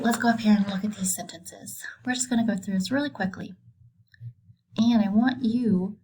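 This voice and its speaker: A woman's voice: medium pitch, a little hiss or hum, rough recording. A woman teaching a recorded reading lesson to kindergarteners, patient and encouraging, asking simple questions and praising answers.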